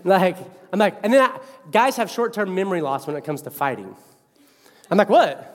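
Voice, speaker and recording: A man in his thirties preaching a sermon as pastor, animated and conversational, with self-mocking asides. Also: high-pitched, fairly quick, big-room sound.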